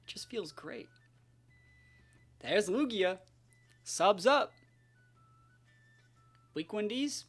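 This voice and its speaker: A man's voice: high voice, animated, very slow, pauses often, a bit bright, husky, soft background music. Hyped dude calling his own game matches, lots of slang and trash talk, voice bounces all over. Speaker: competitive game player. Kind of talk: live gameplay commentary.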